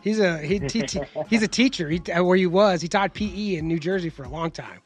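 High-voiced man swearing through casual chat. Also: fairly quick, faint music behind. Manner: profane, rambling storyteller. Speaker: podcast host.

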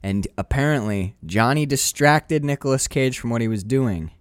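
A man's voice: medium pitch, animated, moderate pace, clear, resonant tone, dry recording, clean studio sound. A man co-hosting a casual chat about a movie, enthusiastic, laughing often and swearing freely. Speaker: podcast co-host.

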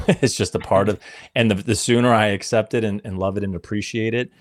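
A man in his forties telling a personal story in casual talk, animated and swearing as he acts out what people said. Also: fairly low pitch, a little fast, no echo, studio quality. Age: 40s. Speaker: podcast guest.

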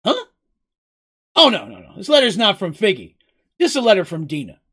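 A storyteller voicing an excitable little man who bursts into high, eager exclamations. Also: a little fast, slightly rough, heavily acted. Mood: excited.

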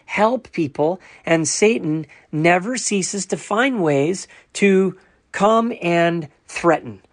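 A man's voice: high-pitched, expressive, slow, no echo. A man who runs an online ministry, sharing a personal testimony in an earnest, storytelling way and often acting out other people's voices.

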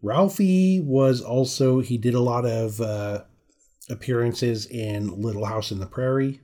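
A man's voice: mid-range voice, measured pace, dark tone. A man co-hosting a movie podcast, casually running through an actor's credits and swearing now and then. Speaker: podcast co-host. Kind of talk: casual chat.

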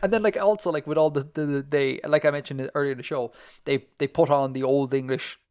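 Rambling, animated podcast host. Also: male voice, fairly high pitch, fairly quick, clean tone. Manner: rambling, animated, lots of fillers and restarts. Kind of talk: casual chat.

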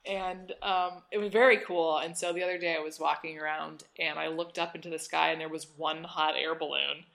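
Woman podcast co-host, lowish bright voice, thoughtful, halting, casual chat. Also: fairly even intonation, vocal fry. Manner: thoughtful, halting, many restarts.

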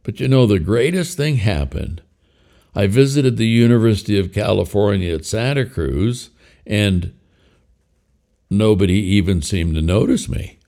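A man's voice: lowish voice, animated, a little slow, gravelly, mellow. A man voicing a wry, shaggy green male yeti puppet in a spoken story, his voice a bit muffled.

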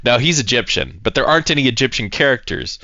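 A man's voice: mid-range voice, lively intonation, quick pace, sharp tone, no room sound. A man co-hosting a podcast, exasperated and sarcastic, swearing freely in casual chat. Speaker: podcast co-host. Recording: dull, lo-fi dry mic.

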